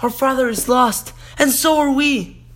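A man doing little Gretel, high and worried. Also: a little slow, a bit bright, slight background noise. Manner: worried, plaintive. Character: frightened little girl Gretel.

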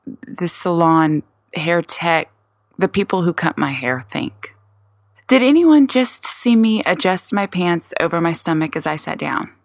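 A woman in her forties hosts a solo podcast. Her voice sits low with a gravelly grain, and the close, dry recording has no room sound. She rattles off candid, self-questioning rhetorical questions with a wry touch. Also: no echo. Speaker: podcast host.

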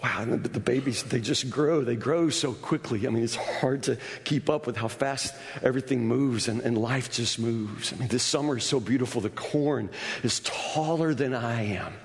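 A male pastor preaching a sermon in a church, stammering through restarts and building to shouts. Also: mid-range voice. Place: church sanctuary. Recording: long hall reverb.

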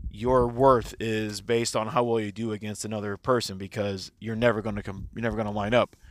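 A man's voice: mid-range voice, a bit bright, no room sound, clean studio sound. A man in his forties, a teacher, talking casually and candidly in a personal audio diary, rambling and swearing freely.

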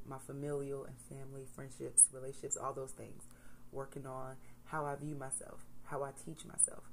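A woman in her thirties, a mother, talking candidly to camera in a casual motivational vlog, swinging between soft reflection and loud emphasis. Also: extremely low pitch, creaky, a little hiss or hum, low-quality recording. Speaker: vlogger, mother.

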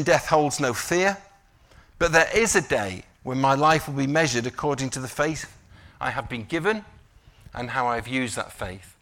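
A middle-aged man delivers a sermon, leaning on slow emphatic phrases before easing into quiet, chatty asides. His voice is gravelly with a bright, forceful edge. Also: medium pitch. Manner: drops to quiet conversational asides. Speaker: pastor.

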